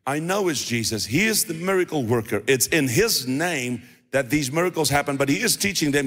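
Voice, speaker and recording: A man's voice: a little high, expressive, brisk, few pauses, a bit bright. A man preaching a sermon as pastor, emphatic and driving points home with repetition. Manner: emphatic preaching with repeated phrases. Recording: long reverb of a large hall.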